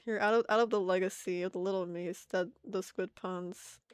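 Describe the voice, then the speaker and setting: A woman's voice: medium pitch, steady tone, normal speed, clean tone, no echo, clean studio sound. A young woman chatting casually on an art stream, giggling and poking fun at herself as she reads chat aloud.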